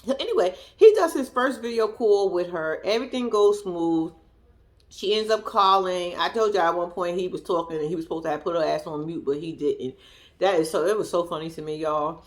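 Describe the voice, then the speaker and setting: Speaking a little fast, a woman reacts to a reality show in a casual recap aimed directly at her viewers. Her sassy, profane commentary swings from loud outbursts down to low muttered asides.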